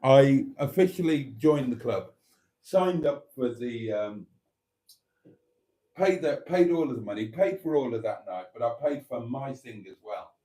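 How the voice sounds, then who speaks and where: Mellow-voiced man telling stories. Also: mid-range voice, expressive, unhurried, low-quality recording. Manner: rambling, laughing, teasing. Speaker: host of a live stream. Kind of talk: casual chat and storytelling.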